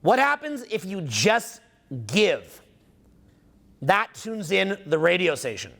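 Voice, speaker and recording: A man's voice: high voice, big pitch swings, slow, creaky, fairly bright tone. A man giving a live seminar talk as a social skills coach, swearing freely, speaking with emphasis and firing questions at the room. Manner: profane, emphatic, quizzes the audience.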